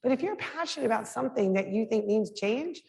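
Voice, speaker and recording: A woman's voice: a little high, lively intonation, fairly quick, creaky, darkish tone. A middle-aged woman, a mayor and guest speaker, answering audience questions frankly and conversationally, with frequent restarts and fillers. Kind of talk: candid Q&A answers at a public talk. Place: lecture hall. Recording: reverberant hall with faint background noise.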